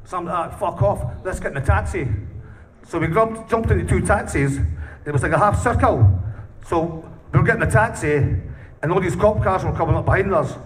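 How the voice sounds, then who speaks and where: A man's voice: high-pitched, a little fast. A Scottish man, a punk band's singer, tells a rowdy anecdote in an interview, swearing constantly and laughing as he goes. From Scotland. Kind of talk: casual storytelling. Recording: distant mic with faint noise.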